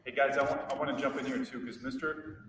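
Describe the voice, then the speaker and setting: A man's voice: medium pitch, level tone, fast, a bit bright. Brief: male teacher, eager introduction, far from the mic in a reverberant hall. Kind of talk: introducing a speaker. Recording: echoey hall, distant mic, faint noise.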